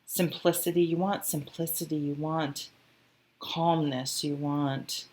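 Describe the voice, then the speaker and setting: Low-pitched woman, casual tarot reader, rambling and emotional, close mic. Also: steady tone, slow pace, a little mellow. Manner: chatty, rambling, emotional, with fillers and swearing. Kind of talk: casual tarot reading monologue.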